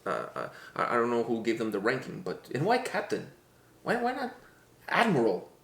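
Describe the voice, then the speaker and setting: A man's voice: mid-range voice, wildly swooping pitch, brisk, gravelly, fairly bright tone. A man co-hosting a reaction video in casual chat, rambling and joking, often stumbling over his restarts. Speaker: reaction channel co-host. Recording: echoey room.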